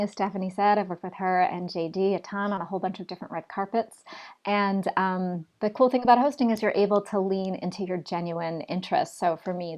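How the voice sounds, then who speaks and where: A woman in her forties talks through her career as a television host and writer. She speaks fluently and articulately at a mid-range pitch, with the odd filler. It sounds like an online video call interview. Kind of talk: conversational interview answers.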